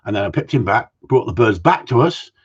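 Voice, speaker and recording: A man's voice: mid-range voice, very animated, fairly quick, husky, highs cut off. A middle-aged man who trains gundogs, hosting a casual live-stream Q&A and ranting bluntly, swearing freely as he rambles through his opinions. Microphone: live-stream mic.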